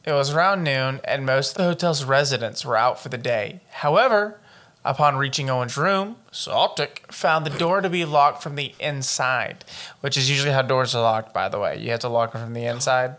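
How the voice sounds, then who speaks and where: A man's voice: medium pitch, normal speed, fairly bright tone. A man co-hosting a podcast, reading out a true-crime case in casual chat with profane, joking asides. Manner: profane and joking, wanders off into riffs. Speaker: podcast co-host.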